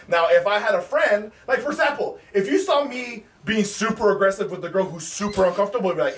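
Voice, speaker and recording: A man hosting a podcast, telling a story in an animated, profane, casual way. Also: high-pitched, fast talker, hardly any pauses, reverberant, recorded from a distance, slight background noise. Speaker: podcast host.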